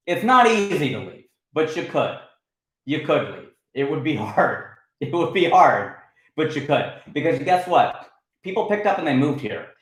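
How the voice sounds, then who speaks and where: Guy ranting on his livestream, heated and fast, reads chat and argues back, roomy echo. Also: medium pitch. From United States, Ohio. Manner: animated, argumentative, reads and answers chat comments. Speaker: comedian livestream host. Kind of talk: casual livestream rant.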